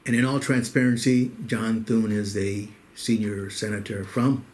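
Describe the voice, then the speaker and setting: A man's voice: fairly low pitch, level tone, measured pace, a little mellow. A middle-aged man hosting a weekly show, telling jokes in a folksy, casual monologue and calling his listeners "folks.". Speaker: host.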